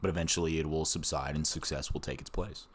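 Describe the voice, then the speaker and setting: A man's voice: a bass voice, fairly even intonation, quick pace, breathy edge. A man, a war veteran, telling his story in casual, profane podcast chat, blunt and often laughing.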